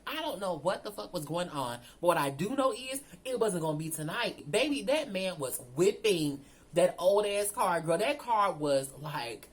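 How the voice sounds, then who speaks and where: A woman telling a storytime vlog, animated and profane, talking straight to her viewers. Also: fairly low pitch, normal speed, slightly rough. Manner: animated, profane, addresses viewers as girl and y'all. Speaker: storyteller vlogger.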